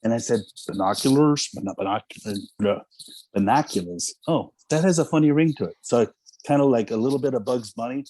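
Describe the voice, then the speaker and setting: A man's voice: mid-range voice, quick pace, mellow, slight background noise. Rambling self-deprecating male actor. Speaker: actor guest. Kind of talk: casual interview chat.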